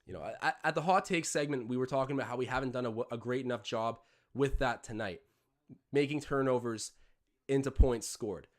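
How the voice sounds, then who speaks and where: A young man from Canada talks through a basketball game on a live stream, jumping between quick play-by-play and loose, rambling asides. His voice sits in an ordinary middle register, relaxed and conversational. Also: mid-range voice. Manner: rambling, chatty, jumps between play-by-play and tangents. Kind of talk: casual live watch-along commentary.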